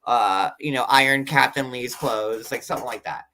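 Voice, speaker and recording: A man's voice: mid-range voice, moderate pace, over a noisy crowd. A male host in a casual chat, talking in a chatty way with many filler words.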